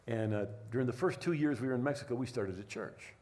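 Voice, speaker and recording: Middle-aged male pastor, sermon storytelling, animated delivery with lots of pitch movement, repeats words. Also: fast.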